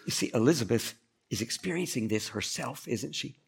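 A man's voice: mid-range voice, expressive, moderate pace, creaky, husky. A male pastor preaching a conversational sermon, often turning to ask the listeners questions. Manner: conversational, asks the congregation questions.

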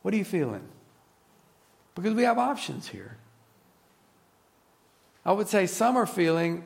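Earnest preacher with a gravelly voice. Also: male voice, very animated, unhurried, long pauses. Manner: reflective, earnest, often drops to a soft low voice. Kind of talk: sermon.

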